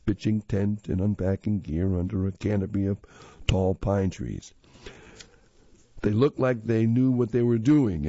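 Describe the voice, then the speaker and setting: A man narrating a children's story in a steady, expressive reading voice. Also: sits low, no room sound. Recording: slightly dull lo-fi audio.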